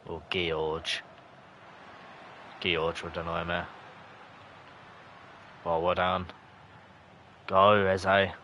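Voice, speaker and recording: Low-voiced gaming streamer. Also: male voice, flat delivery, drawn-out words, long pauses, a little hiss or hum. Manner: chatty, bursts into shouts at near misses. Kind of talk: live gameplay commentary and chat reading.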